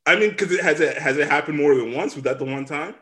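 A man's voice: fairly high pitch, fast talker, pushed and bright. A young man co-hosting a podcast, laughing and teasing his friend with questions in casual slang. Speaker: podcast co-host. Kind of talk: casual crude chat.

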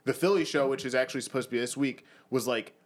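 A man's voice: medium pitch, quick pace. A young man co-hosting a casual basement podcast, rambling with restarts, cursing and quoting other people. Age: young adult. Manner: rambling, profane, full of restarts and quoted asides. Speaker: podcast co-host. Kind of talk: casual chat. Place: basement home studio.

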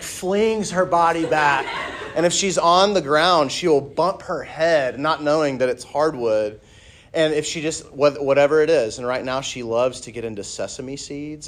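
A man in his thirties, a campus minister preaching a conversational sermon to students with animated storytelling and light humor. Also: medium pitch.

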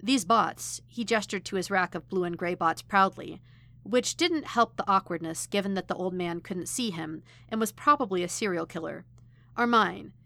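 A woman narrating a fan fiction story in an expressive, lively reading. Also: lowish voice, normal speed. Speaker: podfic reader.

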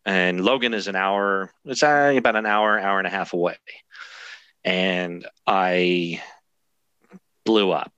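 Candid low-voiced man, crisp dry sound. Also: takes it slowly, pauses often, sharp tone, no echo, muffled recording. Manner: candid, self-deprecating, laughs often. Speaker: podcast guest. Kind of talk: storytelling in conversation.

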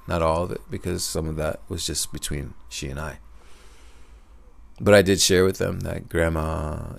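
Deep, gravelly-voiced man telling a story. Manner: reflective, soft-spoken, unhurried. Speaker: podcaster. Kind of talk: personal storytelling monologue.

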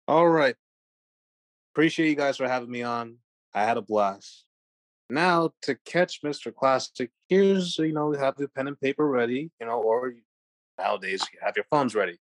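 A man's voice: medium pitch, normal speed, no echo. Man, podcast guest, mid voice, earnest, upbeat, dry recording. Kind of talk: interview answers.

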